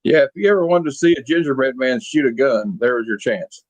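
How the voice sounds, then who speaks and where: A man hosts a casual movie-review chat at a middling pitch, rambling loosely and leaning on fillers. His voice sounds dry and close, with no room echo. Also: lively intonation, fairly quick. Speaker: podcast host.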